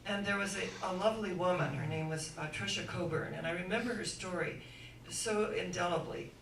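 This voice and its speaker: A woman giving an inspirational sermon-style talk, telling stories dramatically and swinging from hushed to loud. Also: fairly low pitch, fairly quick, creaky, slight background noise. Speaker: inspirational speaker. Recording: echoey room, voice from far off.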